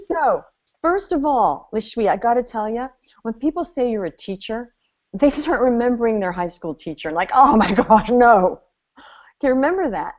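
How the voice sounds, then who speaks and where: Woman business coach, chatty and animated, laughs a lot, kinda dull lo-fi audio. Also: a little high. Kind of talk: live online coaching seminar.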